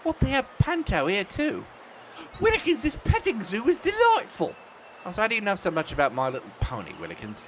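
A man playing a pompous english aristocrat, high voice, swooping wildly, sneering. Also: huge pitch swings, a little fast, a bit bright, a little hiss or hum, heavily acted. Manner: haughty, scornful, theatrical. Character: pompous rude upper-class English gentleman. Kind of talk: comedy audio sketch.

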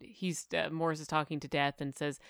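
A woman co-hosting a casual book podcast, relaxed and affirming as she chats. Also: sits low, brisk, clean tone, no room sound, clean studio sound. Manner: relaxed, frequent affirming listener. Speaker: podcast co-host.

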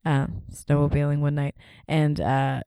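A woman in her thirties from Canada, telling stories as a guest in casual chat, with quick laughs and voices for the people she quotes. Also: low voice, flat delivery, gravelly, warm tone, clear, resonant tone, dry recording, clean studio sound.

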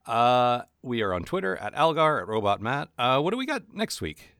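A man's voice: mid-range voice, sing-song, moderate pace, a bit bright, no room sound, clean studio sound. Wry chatty podcast co-host man. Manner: wry, chatty, laughs often. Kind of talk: casual podcast chat.

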